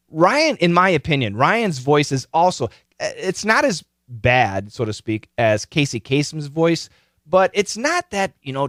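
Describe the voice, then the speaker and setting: A man hosting a podcast, giving casual advice in an animated, explanatory way. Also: dry recording, clean studio sound. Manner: animated, explanatory, pitch leaping on key words. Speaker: podcast host.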